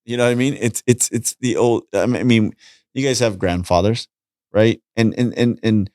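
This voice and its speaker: Here a middle-aged man appears as a podcast guest, spinning lively anecdotes and performing the dialogue in a relaxed conversation. His pitch is on the low side and his pace moderate, captured in studio quality with no room sound.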